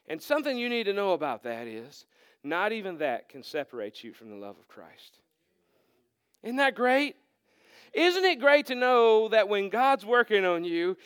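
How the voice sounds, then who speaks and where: A man's voice: high-pitched, a bit bright, smooth, no room sound, studio quality. A man preaching a sermon to a congregation in a church, in a conversational storytelling way, often restarting his words. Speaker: pastor. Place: church hall before a congregation.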